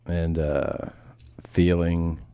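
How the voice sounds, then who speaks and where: A man's voice: low-pitched, level tone, drawn-out words, dark tone, smooth, no room sound, clean studio sound. A middle-aged man in casual podcast talk, speaking hesitantly with many fillers.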